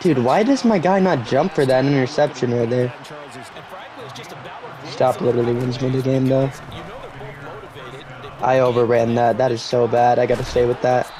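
A young man giving live commentary on his own football video game, cheering loudly on big plays and grumbling when things go wrong. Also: mid-range voice, fairly even intonation, moderate pace, pauses often, a crowd in the background. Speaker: gaming YouTuber.

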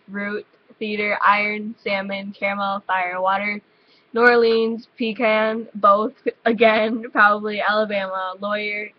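A teenage girl chatting casually with a friend, laid-back and giving brief answers. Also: medium pitch. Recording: dull lo-fi webcam audio with faint hiss.

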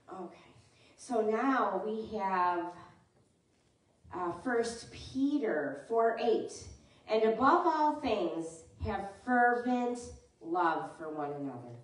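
A woman pastor giving a conversational sermon, often asking her congregation questions. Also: sits low. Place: church sanctuary. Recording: echoey church hall, mic at a distance.

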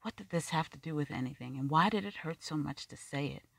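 A measured story narrator with a wry edge, reading prose at an even mid pitch. The sound is dry and close, with no room around the voice. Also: creaky, no echo. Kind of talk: scripted fiction narration.

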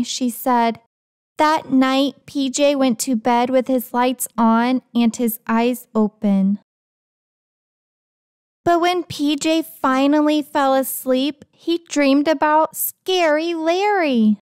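A woman's voice: sits high, slow pace, darkish tone, clear, resonant tone, no echo, clean studio sound. A young adult woman reading a children's book aloud in a friendly storytelling manner. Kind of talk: children's read-aloud narration.

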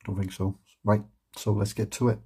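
A man's voice: fairly low pitch, flat delivery, moderate pace, background noise. A man hosting his reaction channel in casual, rambling chat, heartfelt and full of ums and restarts, swearing casually.

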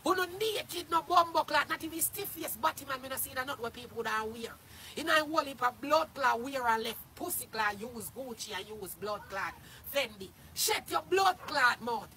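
Shouting high-voiced Jamaican man. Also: animated, normal speed, slight background noise. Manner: loud, cursing, often shouting. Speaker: social media personality. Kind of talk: angry livestream rant.

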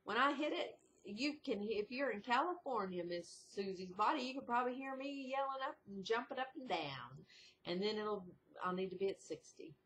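A woman vlogger chatting casually at home in a rambling video diary, breaking into high, excited exclamations. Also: normal speed, slight background noise. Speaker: diet vlogger. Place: indoors at home.

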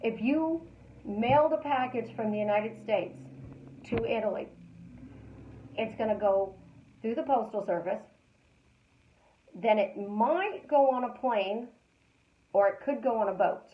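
Woman coach on a live stream, kinda high voice, repeats affirmations, echoey room, dull sound. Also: unhurried, pauses often, slight background noise. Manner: repeats affirmations, chatty storytelling. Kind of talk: casual motivational live-stream talk.

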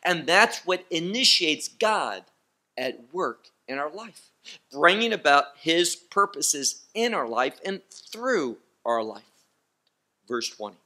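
A man giving a Bible teaching lecture, deliberate and emphatic, posing rhetorical questions to his listeners. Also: fairly high pitch, sing-song, sharp tone. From Israel.

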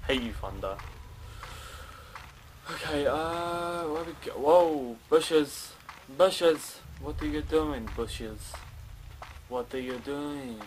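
Playing a horror game on his gaming channel, a young man jumps, swears, and talks both to himself and to the game. He speaks slowly with long pauses in a fairly high voice, and a little hiss or hum can be heard.

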